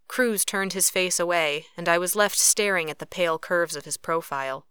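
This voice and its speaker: A woman's voice: fairly low pitch, moderate pace, few pauses, fairly bright tone, smooth, dry recording, clean studio sound. Woman reading a first-person audiobook. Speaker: audiobook narrator. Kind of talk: first-person fiction narration.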